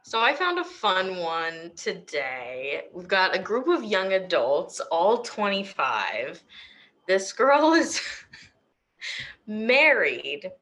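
Young woman, podcast co-host, giggly, self-deprecating, bright tone, slow delivery. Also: mid-range voice, very animated. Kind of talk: casual chat.

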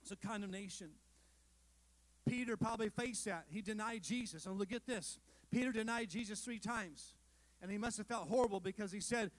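High-voiced pastor preaching conversationally. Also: male voice, brisk, no echo, poor audio. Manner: conversational preaching with rhetorical questions and asides; self-deprecating humor with the congregation. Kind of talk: sermon.

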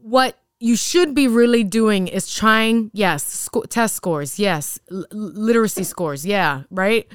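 Animated, smooth-voiced woman teacher telling stories. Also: medium pitch, slow, hardly any pauses, no echo, studio quality. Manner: animated storyteller who acts out quotes. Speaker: teacher and podcast co-host. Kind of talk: casual podcast conversation.

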